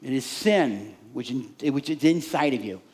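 With a medium-pitched voice and an unhurried pace, a male pastor gives an animated sermon. He gives voice to the crowd in the stands and to the inner voices people hear.

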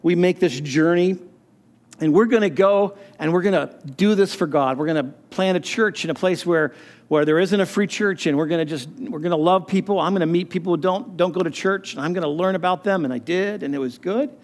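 A man, a pastor, telling a personal testimony in an earnest, halting way, often restarting his sentences. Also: high-pitched.

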